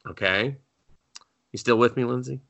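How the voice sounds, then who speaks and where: A man's voice: medium pitch, moderate pace, fairly bright tone, lo-fi sound. A man co-hosting a podcast in casual chat, rambling and laughing as he acts out voices in his retellings. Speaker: podcast co-host.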